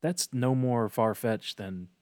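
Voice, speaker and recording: A man's voice: mid-range voice, slow, darkish tone, clean tone, dry recording. A man co-hosting a podcast in casual chat, musing and speculating as he talks. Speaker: podcast co-host.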